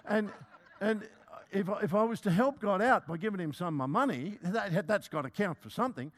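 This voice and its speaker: An older preacher with a fairly high-pitched voice tells a sermon story about himself. He pokes fun at himself as he goes, and the congregation gets a laugh along the way. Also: expressive, a little fast. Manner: humorous, self-mocking storytelling.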